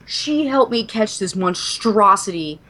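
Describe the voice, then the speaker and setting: Animated, profane woman telling a story. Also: medium pitch, a little slow. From Kentucky. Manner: animated, swears a lot, dramatic retelling. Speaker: podcast co-host. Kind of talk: casual chat, storytelling.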